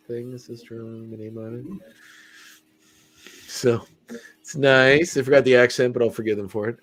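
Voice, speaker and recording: A man's voice: mid-range voice, fairly bright tone. A young adult man co-hosting a podcast, talking in a casual, rambling, self-mocking joking way. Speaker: podcast co-host.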